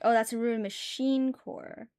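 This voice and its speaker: A young woman chats on a live drawing stream, swearing frequently and rambling through stories thick with fillers, laughing between sentences. Her voice is on the high side and a little mellow, with fairly even intonation and an unhurried pace. The recording is dry, with clean studio sound.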